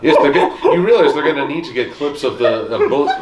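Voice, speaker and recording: A man co-hosting a casual podcast chat, animated and jokey. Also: a little fast, roomy sound, very noisy. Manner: animated, jokey, swings pitch widely. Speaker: podcast co-host.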